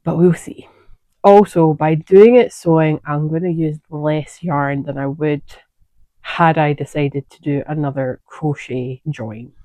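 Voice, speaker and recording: A woman's voice: sits low, steady tone, measured pace, mellow, dry recording, lo-fi sound. A woman hosting a knitting podcast, chatting casually and wandering off on asides as she shows her projects. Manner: chatty, digressive, self-correcting.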